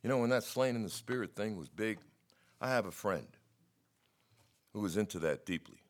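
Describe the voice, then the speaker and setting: Man, preacher, sermon, animated storytelling, wry, low voice, very expressive pitch. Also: normal speed.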